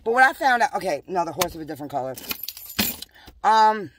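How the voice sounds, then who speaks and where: A woman rambling through a fervent personal vlog monologue, talking straight to her viewers, swinging between hushed asides and loud outbursts. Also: medium pitch, sing-song, brisk, background noise. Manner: talks straight to viewers, addressing them as y'all; scattered and self-interrupting, losing and picking up her thread. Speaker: vlogger.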